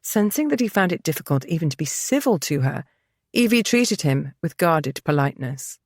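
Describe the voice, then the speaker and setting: Woman reading a romance audiobook, lowish voice, dry close mic. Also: very animated, moderate pace, dry recording. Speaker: audiobook narrator. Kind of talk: scripted narration.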